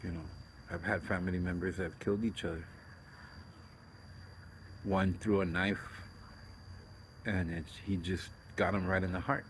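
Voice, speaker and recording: A man's voice: sits low, little pitch movement, moderate pace, long pauses, slight background noise, low-quality recording. A middle-aged man talking in a blunt, profane, rambling way, telling stories casually on his own show. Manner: blunt and profane, trailing off and restarting. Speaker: host of a self interview.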